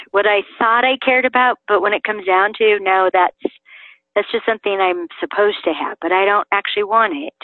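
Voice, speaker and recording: Lively woman storyteller on a phone line. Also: mid-range voice, no echo. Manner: lively storyteller, acts out quotes. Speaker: guest. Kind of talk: interview chat. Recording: dry phone-line sound.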